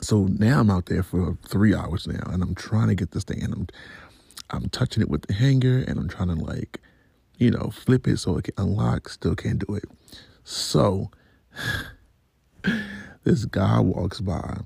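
Gravelly low-voiced man telling a story. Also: unhurried, no echo, studio quality. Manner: profane, animated, rambling. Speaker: vlogger. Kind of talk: casual storytelling.

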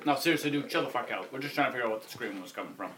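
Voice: medium pitch, very fast, fairly bright tone, slight background noise. A player in a tabletop game, bantering sarcastically and swearing. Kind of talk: casual chat during a tabletop game.

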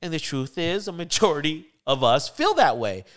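A man telling a story in casual chat on a podcast, acting out the people he quotes with sudden jumps in his voice. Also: normal speed. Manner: animated storyteller, acts out quotes with pitch jumps.

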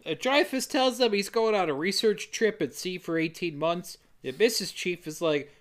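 Higher-voiced man recapping a movie. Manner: brisk storyteller quoting characters in quick voices. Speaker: podcast co-host. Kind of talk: casual movie recap chat.

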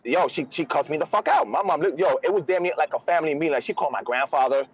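A man's voice: on the high side, lively intonation, fast, muffled recording. A man co-hosting a casual podcast, telling stories in a blunt, profane, emphatic way. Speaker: podcast co-host. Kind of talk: casual heated chat.

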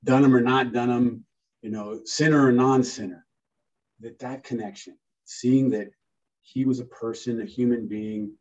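A husky man in his fifties tells earnest stories from his years as a lawyer. He sounds set back from the mic on a dull, lo-fi recording. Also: medium pitch, measured pace, distant mic. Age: 50s. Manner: earnest, anecdotal, animated when quoting himself. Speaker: criminal defense lawyer. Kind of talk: reflective storytelling talk.

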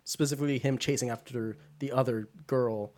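A man co-hosting a podcast, retelling a film in a loose, rambling way full of fillers and quick put-on voices. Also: mid-range voice, steady tone, a little mellow. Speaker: podcast co-host. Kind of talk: casual movie chat.

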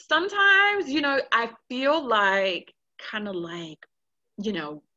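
A loud, animated woman co-hosting a casual chat, dramatic and quick to swear. Her voice is bright and forceful. The recording is dull and a little lo-fi. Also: fairly high pitch, slight background noise. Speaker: podcast co-host.

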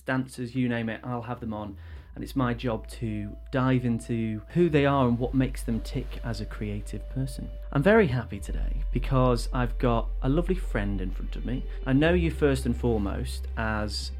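A man's voice: medium pitch, darkish tone. A man hosting a podcast, chatty and friendly, teasing his guest as he talks. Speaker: podcast host. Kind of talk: casual interview chat.

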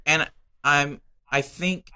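Podcast dude with a bright, sharp voice, telling a story, lots of restarts. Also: male voice, a little high, fairly even intonation, clear, resonant tone. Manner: storytelling, halting, many restarts. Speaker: podcast co-host. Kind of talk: casual chat.

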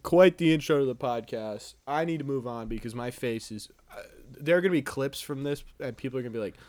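A man's voice: medium pitch, a little fast, no echo. Young man, loose sweary podcast host. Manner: animated, swears a lot, self-deprecating. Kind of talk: casual podcast banter.

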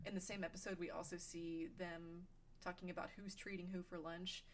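A woman in casual chat recapping a TV show, animated and laughing, acting out quotes. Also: on the low side, fairly quick, slight background noise. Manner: animated, laughing, acts out quotes in funny voices.

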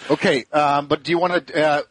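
Casting note: male podcast host, slightly high husky voice, dry close sound, rambling storyteller. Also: brisk, no room sound. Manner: rambling, animated storytelling with restarts. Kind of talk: casual chat.

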